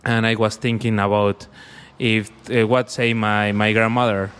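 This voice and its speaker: Brief: young man, clear resonant voice, long reverb, halting storyteller. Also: on the low side, level tone, a bit bright. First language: Spanish. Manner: halting, searching for words in a second language. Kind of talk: personal storytelling in conversation.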